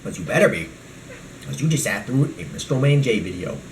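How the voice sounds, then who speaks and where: A man's voice: medium pitch, very animated, brisk, reverberant, background noise. A man vlogging a toy review, rambling and ranting from one topic to the next.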